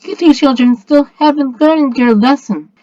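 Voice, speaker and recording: A man's voice: very high-pitched, normal speed, lo-fi sound, voice pushed up. A man voicing a scheming female sorceress who smirks and scolds in a raised voice. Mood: smug.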